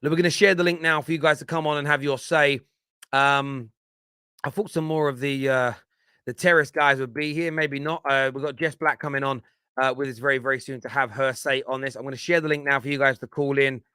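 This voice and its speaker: A man hosting a live call-in reaction show, hammering his points home by repeating them. His voice is mid-pitched and recorded dry, with no room sound. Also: steady tone, brisk, pushed and bright, clean tone, no echo. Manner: emphatic, repeats phrases for effect. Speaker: fan show host.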